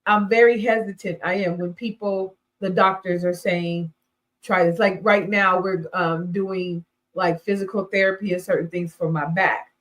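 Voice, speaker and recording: A woman hosting a talk show, chatting casually in a lively, colloquial way with an animated manner. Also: lowish voice, normal speed. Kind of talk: casual chat.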